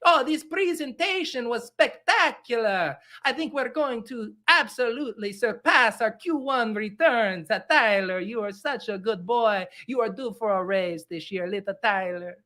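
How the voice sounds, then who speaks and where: A man putting on a cartoonish, over-caffeinated Italian office boss with a broad fake Italian accent, gushing in drawn-out, sing-song praise. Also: very high-pitched, bright, forceful tone, pitched above the performer's own voice, full character voice. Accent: put-on Italian.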